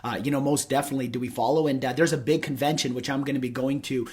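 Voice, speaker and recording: A man hosting an interview show, talking in a rambling, animated way and acting out little conversations as he goes. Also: medium pitch, racing. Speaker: host. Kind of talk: casual interview chat.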